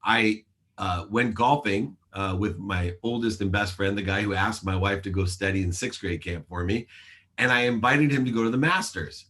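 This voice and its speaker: A man's voice: fairly low pitch, moderate pace, fairly bright tone. A man in his forties, a show host, telling his life story in an interview with earnest, emphatic delivery and acted-out dialogue.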